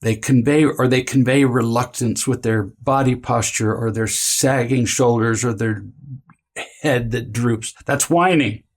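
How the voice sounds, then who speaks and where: A man with a gravelly, slightly husky voice lectures parents in a deliberate, emphatic way. He now and then slips into a whiny child voice to make a point. His pitch sits in an ordinary middle range. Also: darkish tone. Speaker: parenting teacher.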